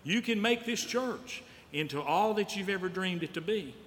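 A man's voice: sits high, animated, moderate pace, a bit bright. A man preaching a sermon as pastor, telling stories and repeating key lines for emphasis. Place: church sanctuary. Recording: church hall reverb with faint noise.

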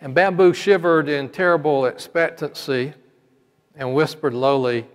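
A male pastor telling a parable during a sermon in a slow, measured storytelling manner. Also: on the high side, steady tone. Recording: long hall reverb.

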